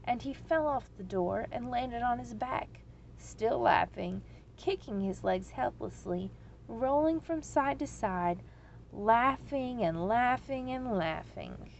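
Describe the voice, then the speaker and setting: A woman reading a storybook aloud in a slow, measured way. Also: on the high side, expressive, vocal fry, lo-fi sound, a little hiss or hum.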